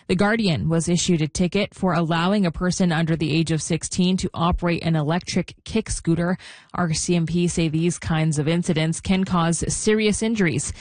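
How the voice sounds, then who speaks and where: Newsreader, woman, low-ish, steady, dry close mic. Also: dry recording. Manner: steady, measured news delivery. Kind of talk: radio news headlines.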